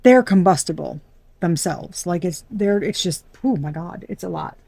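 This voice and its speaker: A woman's voice: fairly low pitch, expressive, moderate pace, vocal fry, dark tone, breathy edge, no room sound. A woman giving a casual collective tarot reading, talking bluntly with exasperated asides and frequent swearing. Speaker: tarot reader.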